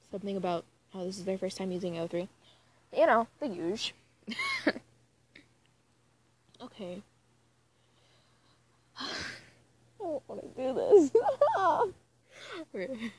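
A woman with a husky, slightly breathy voice reads a story aloud in a casual, offhand way. She keeps stopping to groan and complain before pushing on with the text. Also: medium pitch, darkish tone. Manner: groans and cringes between read passages. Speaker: reader of fan fiction aloud. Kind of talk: casual reading with exasperated asides.

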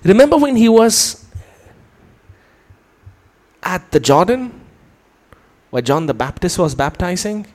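Very animated and with a darkish tone to his high, light voice, a preacher delivers a teaching sermon. He lays things out patiently point by point, regularly turning to listeners with quick questions.

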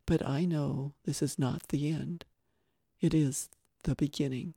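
Man, story podcast reader, higher mellow voice, gentle expressive delivery, dry sound. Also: measured pace, vocal fry, husky, no echo. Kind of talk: reading a novel excerpt aloud.

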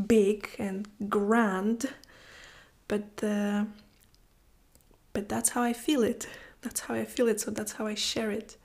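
A woman speaking in a heartfelt, reflective personal monologue, often dropping to a soft whisper and moved to tears. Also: fairly high pitch. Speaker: vlogger.

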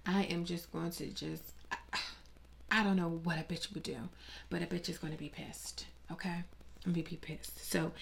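A woman's voice: medium pitch, creaky, fairly bright tone. A woman vlogger delivering a dramatic, profane, mock-grieving comedic rant with plenty of sass.

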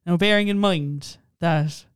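Irish man, podcast co-host, chatty, lots of fillers, smooth voice, dry sound. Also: on the high side, measured pace, dry recording. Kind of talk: casual chat.

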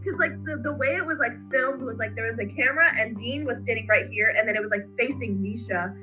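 A woman co-hosting a casual fan podcast, retelling scenes in a rambling, animated way. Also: fairly high pitch, fast talker, lo-fi sound, music in the background. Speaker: podcast co-host.

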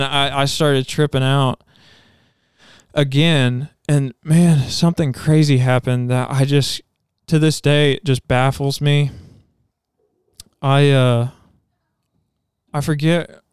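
A man of middling pitch tells a personal testimony in casual podcast chat, rambling and restarting as he goes. His voice is exceptionally smooth and resonant. The sound is dry and close, with no room around it. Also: dry recording. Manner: earnest, rambling storytelling with many restarts. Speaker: podcast co-host.

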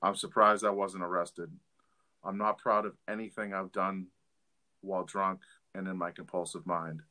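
Deep, bright-toned man telling blunt stories. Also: little pitch movement, normal speed. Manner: candid, blunt storytelling with fillers and restarts. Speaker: podcast co-host. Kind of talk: casual podcast storytelling.

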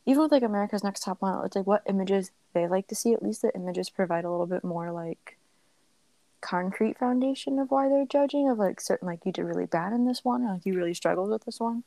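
Young woman, gravelly fry, relaxed casual chat, video call, dry close sound. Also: medium pitch, fast talker, no echo, poor audio. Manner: relaxed, thoughtful, filler-heavy. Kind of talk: casual chat, quiz game.

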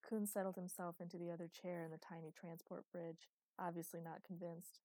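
A woman narrating a science-fiction story in a steady storytelling manner. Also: lowish voice, a little fast, no echo. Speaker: audiobook narrator. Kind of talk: scripted narration.

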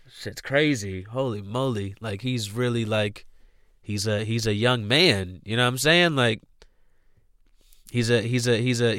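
A man's voice: on the low side, a bit bright, no room sound, studio quality. A man hosting a casual podcast, laid-back and slangy, rambling with lots of restarts. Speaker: podcast host. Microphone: podcast microphone.

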